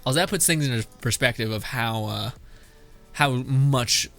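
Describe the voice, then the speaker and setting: A man's voice: medium pitch, normal speed, gravelly, fairly bright tone, soft background music. A man streaming his reactions to memes in a casual, blunt, swear-filled way, laughing often. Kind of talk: casual commentary.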